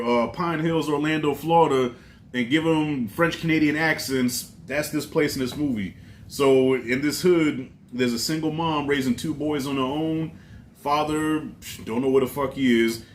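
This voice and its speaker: A man's voice: mid-range voice, slight background noise. Loose-talking man reviewing a movie. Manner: loose, profane, rambling. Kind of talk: casual movie review vlog.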